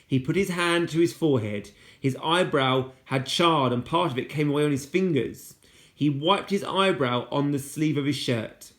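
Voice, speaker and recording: A man reading a children's novel aloud as a teacher, steady and unhurried, with casual asides when he slips. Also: medium pitch. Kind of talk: storybook read-aloud.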